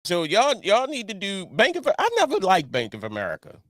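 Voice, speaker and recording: A middle-aged man riffs through a casual commentary monologue, his voice sitting a bit high and swinging widely in pitch. He keeps repeating himself, stacking up rhetorical questions and breaking into exclamations. The sound is close and dry, with no room around it. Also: huge pitch swings, a little fast, a bit bright, no room sound. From Baltimore. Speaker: online show host.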